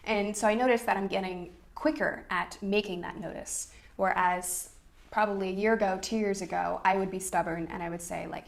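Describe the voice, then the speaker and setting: A woman's voice: medium pitch, fairly even intonation, brisk, vocal fry. A young adult woman, a coach, talking candidly to camera about loss and telling a personal story with quoted dialogue. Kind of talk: casual talk to camera.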